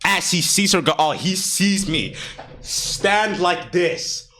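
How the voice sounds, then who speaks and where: A man's voice: high-pitched, animated, slow, sharp tone. A young man vlogging a casual storytime, slangy and profane, laughing often and sometimes dropping to a near-whisper.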